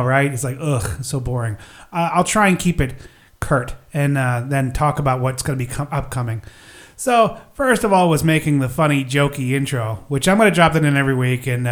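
Middle-aged male podcast host, rambling and self-mocking, slightly higher voice. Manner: rambling, filler-heavy, self-deprecating. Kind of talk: casual solo podcast talk.

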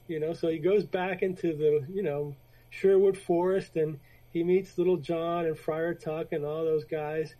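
A man's voice: fairly high pitch, fairly even intonation, normal speed, highs cut off. A man co-hosting a casual podcast, telling a story in a rambling way with many restarts and acted-out quotes. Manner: rambling, retells stories with quoted voices. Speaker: podcast co-host. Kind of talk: casual chat about comics.

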